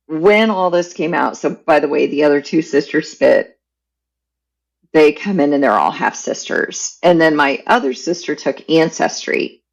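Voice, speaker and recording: A woman shares a personal family story in a candid, animated way. Her voice is heavily gravelly and husky, and her pitch rises and falls a lot. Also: poor audio. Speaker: podcast guest.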